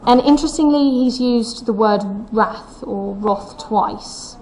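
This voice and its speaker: A woman's voice: fairly high pitch, slow, a little mellow, a little hiss or hum, low-quality recording. A woman teaching a recorded English lesson, explaining a poem step by step and reading its lines aloud with the stresses brought out.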